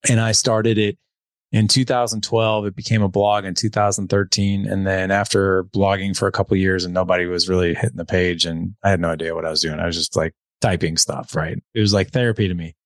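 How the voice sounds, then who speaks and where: A middle-aged man, a podcast guest, telling an animated story and acting out the dialogue as he goes. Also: low voice, a little fast, no echo, clean studio sound. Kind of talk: storytelling in casual conversation.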